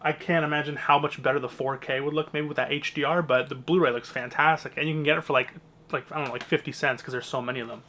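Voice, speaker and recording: Chatty young man, slightly high. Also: fairly even intonation, quick pace, bright, forceful tone. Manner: chatty and rambling, opinionated asides. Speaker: movie collector vlogger. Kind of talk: casual collection walkthrough.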